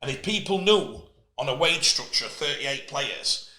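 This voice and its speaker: A man's voice: mid-range voice, moderate pace. A middle-aged man, hosting a casual interview and telling stories with passion. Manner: passionate, animated storyteller. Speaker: host, player agent. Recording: echoey room.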